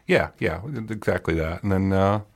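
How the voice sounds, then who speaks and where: A man's voice: deep voice, fairly even intonation, normal speed. A man playing a laid-back, rambling mock version of an independence leader in an improv comedy interview. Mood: offhand.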